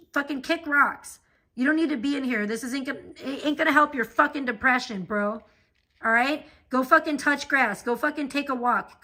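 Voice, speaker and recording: High, bright-voiced woman ranting angrily. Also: rough recording. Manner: profane, heated and confrontational. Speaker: live streamer. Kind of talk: angry live-stream rant.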